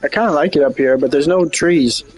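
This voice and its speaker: A man putting on a prim, fussy English gentleman. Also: on the high side, music in the background, close to an everyday voice, poor audio. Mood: whimsical. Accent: put-on English. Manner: theatrical, drawn-out, whimsical. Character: prim, fussy British gentleman stranded up high. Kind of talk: game voice chat banter.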